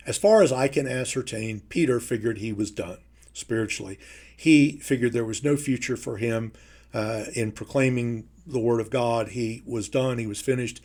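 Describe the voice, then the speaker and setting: A man teaching a Bible lesson in a measured, emphatic way, slowing down to stress key phrases. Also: mid-range voice, darkish tone. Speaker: preacher.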